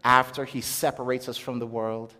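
A young adult man giving an animated testimony sermon as a preacher, acting out quoted voices as he tells his story. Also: mid-range voice, normal speed. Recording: long hall reverb.

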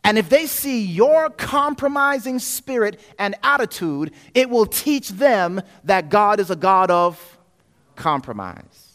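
A male preacher delivering a sermon in an animated way, acting out quoted voices and swinging between loud passages and hushed ones. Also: high-pitched, slow pace.

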